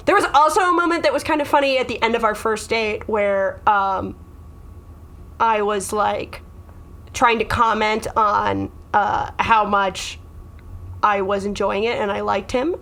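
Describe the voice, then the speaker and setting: A woman's voice: medium pitch, steady tone, a little slow, gravelly, fairly bright tone. A woman, a guest comedian, telling rambling, self-deprecating stories in a casual podcast chat.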